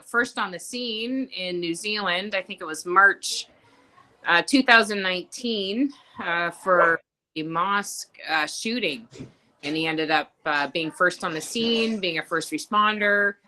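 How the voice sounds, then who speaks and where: A woman's voice: on the low side, bright, forceful tone, rough recording. A woman co-hosting a casual live podcast from a party, chatty and giggly with frequent laughter. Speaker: podcast co-host. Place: at a noisy party with music.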